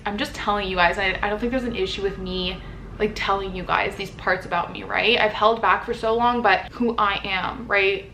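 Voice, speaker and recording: A woman's voice: mid-range voice, sharp tone. A young woman vlogger talking candidly to camera, chatty and personal, full of "like" fillers. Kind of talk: candid vlog talk to camera. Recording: faint city noise behind.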